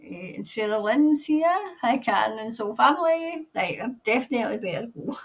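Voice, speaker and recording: A Scottish woman rambles through a relaxed live stream, laughing often and greeting viewers by name. Her voice sits a little high. She is a bit far from the microphone, so she sounds slightly distant. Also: moderate pace. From Scotland. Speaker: tarot reader hosting a live stream.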